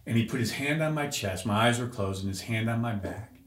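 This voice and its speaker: A podcast guest with a medium-pitched voice relates an emotional personal experience at a brisk pace. He comes across as earnest and searching, breaking off to restart, in a room with plenty of echo.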